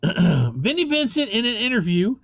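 A man's voice: sits high, very animated, normal speed, a bit bright, highs cut off, soft background music. A man hosting a rock podcast in loose, rambling casual chat, swearing now and then. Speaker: podcast host.

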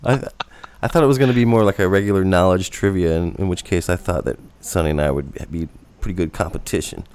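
A man with a fairly low voice joins a trivia game on a casual podcast. He jokes and teases the others, swearing now and then. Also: fast, darkish tone, smooth. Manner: joking, teasing, swears casually. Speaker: podcast co-host and quiz contestant.

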